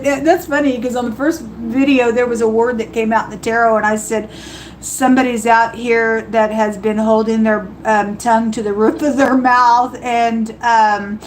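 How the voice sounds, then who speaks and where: A woman's voice: fairly high pitch, slight background noise, poor audio. A woman hosting a tarot livestream, delivering fiery warnings and quoting scripture in a preachy monologue.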